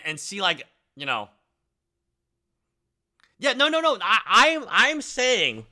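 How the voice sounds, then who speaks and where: Excitable, bright-voiced male streamer. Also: sits high. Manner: excitable, rambling, jokey, quick bursts of enthusiasm. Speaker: live stream host. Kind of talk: casual live stream chat.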